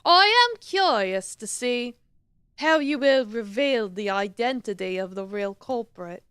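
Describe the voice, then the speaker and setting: A woman's voice: fairly high pitch, lively intonation, a little slow, fairly bright tone, smooth, dry recording. A woman voicing a courteous, sly male professor-detective in a game, in a formal, mock-British put-on accent.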